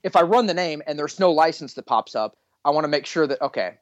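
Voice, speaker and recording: A man's voice: fairly high pitch, lively intonation, quick pace, no echo, muffled recording. A man, a police officer and podcast co-host, telling a story in casual chat and acting out both sides of the exchange.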